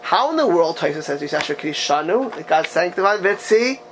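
A man teaching a religious text class, reading passages aloud and asking the students rhetorical questions in an animated way. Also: high-pitched, brisk, crowd noise. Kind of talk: text-study lecture to a class.

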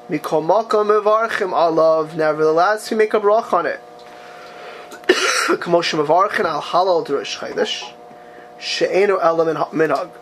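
A man teaching a religious text class, reading passages aloud and asking the students rhetorical questions in an animated way. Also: fairly high pitch, a little hiss or hum. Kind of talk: text-study lecture to a class.

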